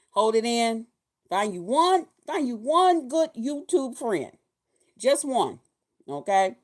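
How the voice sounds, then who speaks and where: Woman, fifties, casual vlog commentary, animated, profane, lively swooping pitch. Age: 50s. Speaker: vlogger.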